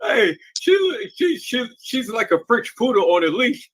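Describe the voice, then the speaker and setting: Husky, high-voiced laughing man. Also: measured pace, rough recording. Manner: laughs often and hard, rambling animated storytelling. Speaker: live-stream host. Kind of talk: casual chat on a live stream.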